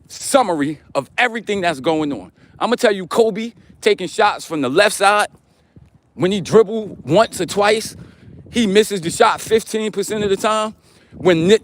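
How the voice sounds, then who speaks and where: Middle-aged New man, livestream host; high-pitched, loose slangy delivery aimed right at his chat. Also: slight background noise. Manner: slangy, repetitive, talks straight to viewers. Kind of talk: casual chat to a live chat.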